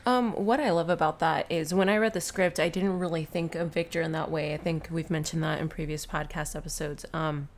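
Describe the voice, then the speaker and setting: A woman's voice: sits low, steady tone, a little fast, hardly any pauses, slight background noise. A woman co-hosting a fan podcast, chatting in a playful, musing way and searching for words. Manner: playful, musing, hesitant with fillers. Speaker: podcast co-host. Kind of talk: casual fan podcast chat.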